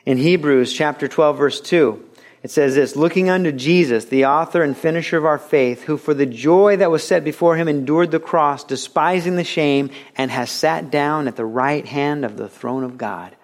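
In a slightly high voice at a moderate pace, a pastor preaches a sermon full of stories, acting out the quotes with animated delivery. It comes through as a radio broadcast of a recorded sermon.

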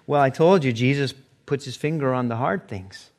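A middle-aged man preaching a sermon as pastor, animated, sometimes acting out short quoted exchanges. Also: medium pitch, normal speed.

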